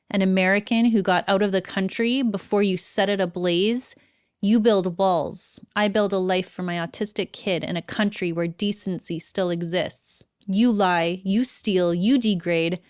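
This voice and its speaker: A woman's voice: medium pitch, clear, resonant tone, dry recording, clean studio sound, lightly acted. A woman doing a loose impression of a defiant, outspoken middle-aged woman celebrity, declaiming a fiery rebuttal. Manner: declaiming a defiant open letter.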